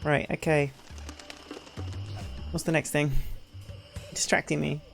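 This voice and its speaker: A woman's voice: low-pitched, flat delivery, takes it slowly, gravelly, faint music behind. A woman streaming a game, chatting casually and joking at her own expense while she plays. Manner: chatty, self-deprecating, talks to chat. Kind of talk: casual gameplay commentary.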